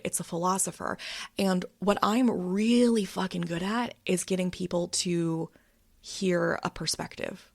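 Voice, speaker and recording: Woman, 30s, low gravelly voice, fired-up candid vlogger who swears freely. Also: fairly even intonation, measured pace. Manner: swearing, worked-up storytelling. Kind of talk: candid personal update.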